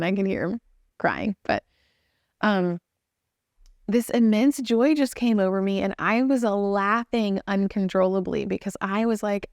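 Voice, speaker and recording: A woman's voice: medium pitch, unhurried, a little mellow, dry recording, clean studio sound. A young woman with a Texan accent telling her own story in a casual, earnest, chatty way with fillers. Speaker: new mother telling her birth story.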